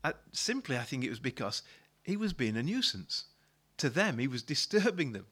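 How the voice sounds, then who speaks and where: A man's voice: mid-range voice, sing-song, moderate pace, fairly bright tone, breathy edge. A male pastor preaching a sermon, retelling a story in a conversational way and often repeating words as he restarts a thought.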